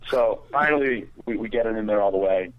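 A young man telling a crude story in casual podcast chat, animated, with stammering restarts. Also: lowish voice, brisk. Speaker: podcast co-host. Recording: tinny phone-like sound.

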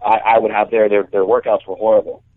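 A man's voice: lowish voice, flat delivery, fast talker, dry recording. A man in a casual podcast chat, telling a long story and often restarting his sentences. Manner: rambling, repeats words when starting sentences. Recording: dry, phone-like call audio.

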